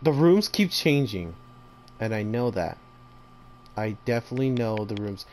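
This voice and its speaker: A horror game player narrates their run, jumpy and full of slang. They chat to the monsters chasing them and break into panicked strings of repeated shouts. The voice sits in a middle range, with a faint hiss behind it. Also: mid-range voice, expressive, measured pace. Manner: bursts into panicked repeated screams. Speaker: gamer playing a horror game. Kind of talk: horror gameplay commentary.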